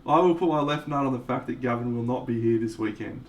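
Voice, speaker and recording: This man talks fast in a mid-range voice while he paints miniatures on stream. He's relaxed and chatty, cursing freely, laughing a lot, and sharing an anecdote. The mic picks him up from a distance, and there's faint noise in the background.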